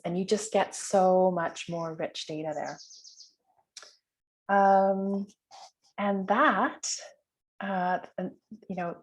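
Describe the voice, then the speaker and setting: A woman's voice: mid-range voice, darkish tone. Chatty woman leading an online workshop. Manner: chatty, with many fillers and restarts. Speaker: workshop trainer. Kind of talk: online training session. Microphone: video call.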